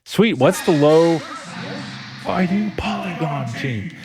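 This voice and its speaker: A man's voice: fairly high pitch, animated, takes it slowly. A man streaming a video game live, upbeat and playful as he chats with his viewers. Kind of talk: casual live-stream chat while gaming. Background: game music.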